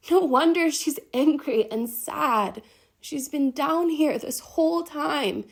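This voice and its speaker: A woman's voice: a little high, creaky, breathy edge. Intense, profane woman guiding a meditation. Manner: intense, emphatic, with frequent swearing. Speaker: meditation guide. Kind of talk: guided meditation.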